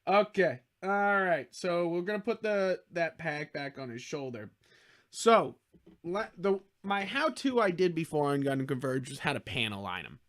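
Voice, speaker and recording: A man's voice: a little high, animated, normal speed, a bit bright. A tired man hosting a casual livestream, rambling and jokey, swearing freely and slipping into silly accents. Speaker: livestream host building model kits.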